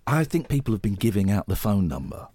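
A man's voice: fairly low pitch, very animated, fast, dark tone, breathy edge, dry recording. Podcast guy, teasing, voice bouncing all over the place, dry sound. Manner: teasing, joking, mildly sweary. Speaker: podcast host. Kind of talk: casual podcast banter.

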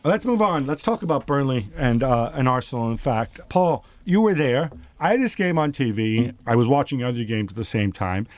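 A man's voice: medium pitch, expressive, darkish tone, no room sound, faint music behind. Man hosting a dry-sounding football chat. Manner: quick, teasing, leads the questions. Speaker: podcast host.

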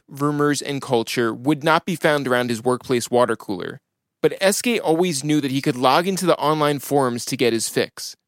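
A man narrating a scripted documentary podcast in a measured, polished way. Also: fairly high pitch, no echo. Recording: dry studio voice-over over music.

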